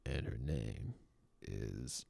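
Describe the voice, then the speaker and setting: A man's voice: a bass voice, extremely slow, gravelly, dark tone. A man delivering a sarcastic, opinionated commentary monologue with mocking, profane asides. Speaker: political commentator.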